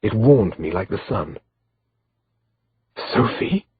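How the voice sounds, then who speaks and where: A man narrating an audiobook in first person with a measured, steady delivery, in a slightly dull lo-fi recording. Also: deep voice, a little hiss or hum.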